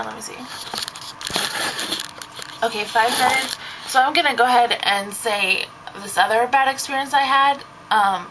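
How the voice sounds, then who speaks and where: A woman's voice: fairly high pitch, sharp tone, a little hiss or hum, rough recording. A young woman, a babysitter, telling a story in a casual vlog, rambling and saying "like" constantly. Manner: rambling, heavy use of "like".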